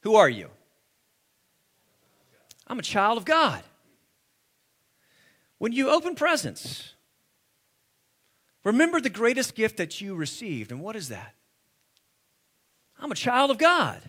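Male preacher, high bright voice, lively and expressive delivery that drops to a hush and rises again. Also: unhurried, long pauses. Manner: swings between hushed and emphatic, call-and-response questions. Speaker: pastor. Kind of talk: sermon.

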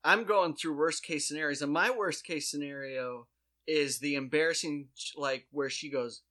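A man's voice: on the high side, normal speed, pushed and bright. A man hosting a podcast, telling a funny story in casual chat. He laughs often and acts out the other people's voices as he goes. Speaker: podcast host.

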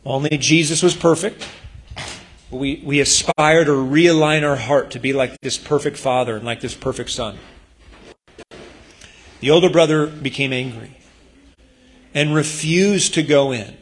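A man's voice: a little high, moderate pace. A male pastor preaching in a church, talking in an earnest, conversational way with emphatic bursts. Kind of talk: sermon.

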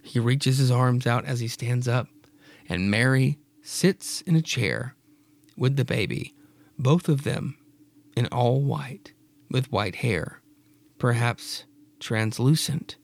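A man hosting a podcast, retelling a horror comic with a raspy voice and wry, jokey asides. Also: mid-range voice, slow, dry recording. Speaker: podcast host.

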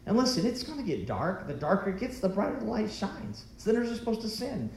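Man preaching, emphatic, rhetorical questions, slightly higher voice, roomy echo, faint noise. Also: very animated, fairly quick. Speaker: pastor. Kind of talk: sermon.

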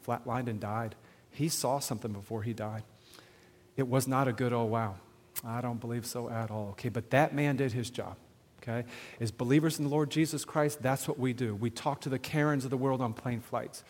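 A man preaching to a live audience on sharing faith, animated, often asking the crowd questions and checking in with "okay?". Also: mid-range voice, moderate pace. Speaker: evangelism speaker. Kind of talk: sermon-style teaching to an audience. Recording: long hall reverb.

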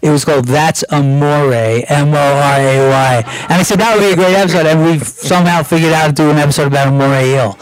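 A man's voice: on the high side, fairly even intonation, fast, few pauses, no room sound, poor audio. A middle-aged American man, a guest screenwriter, casually telling anecdotes with lots of restarts and acted-out quotes.

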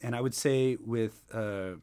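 A man's voice: mid-range voice, unhurried, mellow, clean tone. A man chatting casually as a podcast guest, rambling and circling back often as he talks. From Seattle area, USA. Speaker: podcast guest, improv performer.

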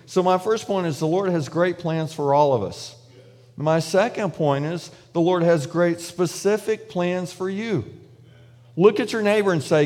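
A man's voice: high voice, unhurried, darkish tone, in a large hall. A man preaching a sermon in a loose, conversational way, with frequent restarts and fillers, acting out prayers in paraphrase. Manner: acts out prayers and God's replies in paraphrase. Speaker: pastor.

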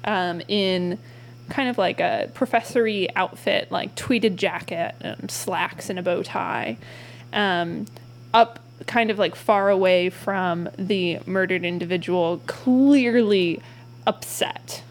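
A young woman running a tabletop game as game master, describing scenes casually with many fillers and pauses. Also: lowish voice.

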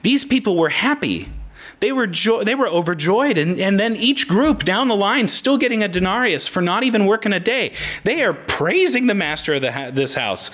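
A man in his thirties preaching a sermon, animated and chatty, often acting out the voices of people in the story. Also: high-pitched, normal speed. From Oregon, United States. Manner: animated, acts out voices in quotes. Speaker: pastor.

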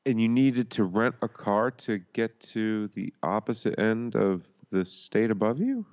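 A man's voice: lowish voice, expressive, unhurried, darkish tone. Laid-back man on a dull, lo-fi mic. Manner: laid-back, agreeable, swears casually. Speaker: podcast co-host. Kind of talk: casual podcast chat.

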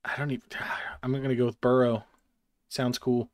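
A man's voice: medium pitch, flat delivery, normal speed, no room sound. A man co-hosting a casual chat, joking and hesitant as he makes his picks. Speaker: podcast co-host.

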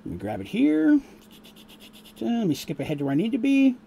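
A man narrating a tabletop game as game master, casual and full of fillers, pausing to explain rules. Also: extremely high pitch, big pitch swings, vocal fry, dark tone, slight background noise.

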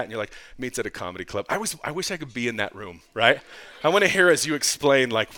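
A man in his thirties preaching a sermon as pastor, swinging from loud, impassioned lines to quiet, conversational asides. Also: mid-range voice, sing-song, very fast.

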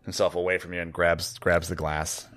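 A man's voice: low-pitched, little pitch movement, moderate pace, a bit bright. A man narrating a tabletop game as game master, in a casual, loose way with many fillers. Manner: casual, hesitant with fillers like kind of.

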